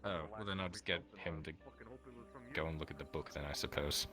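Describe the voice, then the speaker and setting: A naive commoner voiced by a man with a very low voice. He speaks bluntly and crudely and trips over long words. The scene is a live fantasy roleplay. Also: brisk, pushed and bright, soft background music. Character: naive, plain-spoken male commoner, cold and blunt. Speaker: roleplay player.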